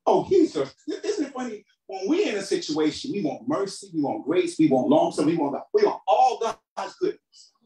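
A man preaching a sermon as pastor, calling for responses from the congregation and swinging between shouted emphasis and quiet, low asides. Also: very animated, normal speed. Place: church hall. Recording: roomy hall sound from a distant mic.

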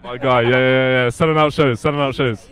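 A man's voice: medium pitch, steady tone, fairly quick, a faint crowd. A young man hosting a podcast at a rave, joking and bantering with guests, swearing often. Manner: jokey, banters loudly, swears. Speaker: podcast host. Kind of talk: casual chat. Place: outdoors at a rave.

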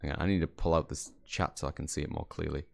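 A man's voice: very deep voice, fairly even intonation, fast talker, vocal fry. A man streaming a game, chatting casually with viewers in a rambling, jokey, self-deprecating way. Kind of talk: casual livestream chat.

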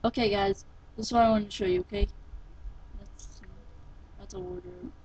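A woman casually commenting on a video game she plays, sounding tired and rambling, with sudden excited squeals. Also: medium pitch, moderate pace, slight background noise. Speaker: let's-play gamer. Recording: dull lo-fi recording with faint game music.

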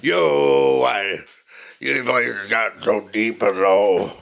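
A man's voice: fairly low pitch, lively intonation, very slow, vocal fry, fairly bright tone. A man talking to his pet dog in a coaxing, doting, sing-song way. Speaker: dog owner.

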